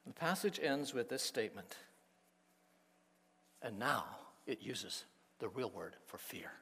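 Slow, deliberate preacher in a reverberant hall. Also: male voice, medium pitch, very animated, breathy edge. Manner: slow, deliberate delivery with dramatic swings from hushed to emphatic. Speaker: pastor. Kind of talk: sermon.

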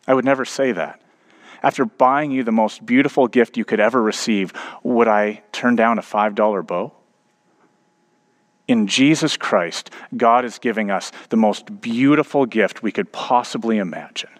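A man's voice: mid-range voice, moderate pace. Male pastor preaching. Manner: storytelling, builds to emphatic peaks. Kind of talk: sermon.

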